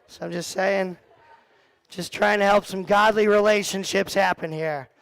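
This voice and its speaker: A man leading a church youth group, cracking self-deprecating jokes and teasing the kids between points of his talk. His voice sits high and has a gravelly edge. The sound is dry and close on a mic. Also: steady tone, measured pace, fairly bright tone, no echo, poor audio. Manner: joking, self-deprecating, talks to the kids in the room. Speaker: youth pastor. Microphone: handheld or headset mic.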